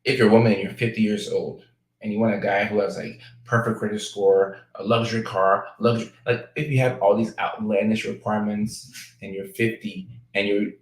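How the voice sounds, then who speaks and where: A man chatting casually as a talk show guest, playful and joking at times, halting and hesitant at others. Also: on the low side, little pitch movement, echoey room, rough recording. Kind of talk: casual chat.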